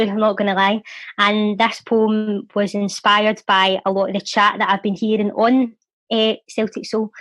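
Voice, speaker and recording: The recording is dry, carrying the medium-pitched voice of a young Glaswegian woman from Scotland. A poet and charity volunteer, she alternates between easygoing chat and poetry read with a rhythmic lilt.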